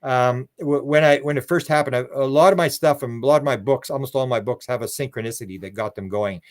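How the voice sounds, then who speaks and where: An older man from Canada talks as a guest in a relaxed interview. He rambles from story to story, stumbling over repeated words and restarting sentences. His voice sits at an ordinary middle pitch for a man. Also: fast. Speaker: guest, UFO researcher.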